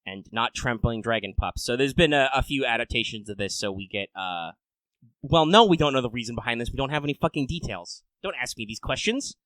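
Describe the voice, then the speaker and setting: A man hosting a casual podcast, rambling and swearing, swinging between loud rants and low mutters. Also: expressive, a little fast, no room sound, low-quality recording. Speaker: podcast host.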